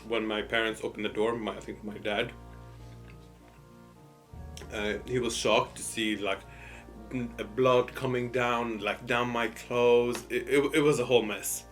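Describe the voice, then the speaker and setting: A man's voice: mid-range voice, fairly even intonation, measured pace, a bit bright, faint music behind. A man casually telling a personal story while eating, hesitant and full of fillers and restarts. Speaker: storytime host.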